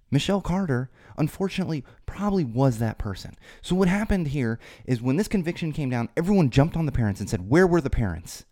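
With no room sound and studio-quality audio, this solo podcast host talks in a slightly high voice with a dark tone. His delivery wanders, full of fillers and restarts, and he gets more forceful whenever he stresses something.

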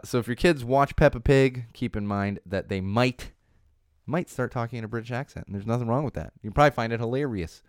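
A man's voice: medium pitch, dry recording, studio quality. A man, hosting a casual live-streamed talk show, chatty and rambling, often restarting his sentences. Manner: chatty, rambling, self-interrupting. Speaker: show host. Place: studio in Los Angeles.

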